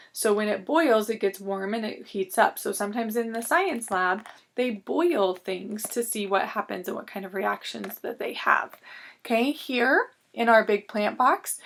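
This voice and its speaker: A woman teacher giving a recorded reading lesson to young students, sounding out words slowly and patiently. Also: mid-range voice.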